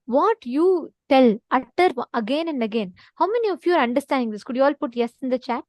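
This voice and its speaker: Woman, high voice, dry close sound, earnest spiritual teacher who repeats her points. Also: animated, brisk, darkish tone, dry recording. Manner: earnest, repeats for emphasis, asks listeners to respond. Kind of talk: online teaching session with a story.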